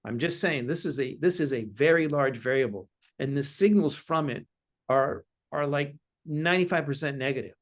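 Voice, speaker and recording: This guest's voice runs a little high, and he talks at a moderate pace. He's being interviewed about markets and weighs his words carefully, sounding analytical.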